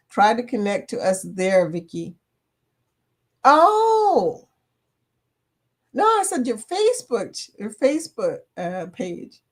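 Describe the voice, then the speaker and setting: A woman in her fifties hosting a casual live chat, reading viewer comments aloud, laughing often and playful. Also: mid-range voice. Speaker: livestream host.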